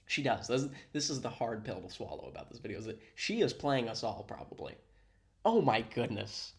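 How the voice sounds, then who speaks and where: Male reaction host, dry mock-praising tone, pitch swinging widely. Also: sing-song, normal speed, creaky. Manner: mock-admiring, dry sarcasm. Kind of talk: sarcastic reaction commentary.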